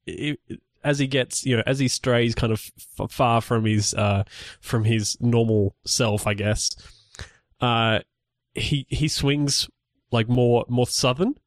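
Speaking at a slow pace, a podcast co-host with a medium-pitched voice chats casually, rambling through many restarts and fillers. The recording is studio quality with no echo.

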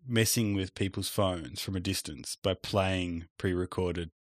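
A man co-hosting a podcast, chatting casually about tech and often trailing off softly at the ends of phrases. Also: low voice, a little slow, no echo, studio quality. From Australia. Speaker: podcast co-host. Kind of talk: casual chat.

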